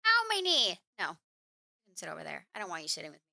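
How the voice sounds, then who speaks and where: Bright-voiced woman streamer chatting. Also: low-pitched, fairly even intonation, very fast, vocal fry, no room sound, studio quality. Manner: chatty, scolds and coos at her cat. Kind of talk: casual live-stream chat. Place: home room.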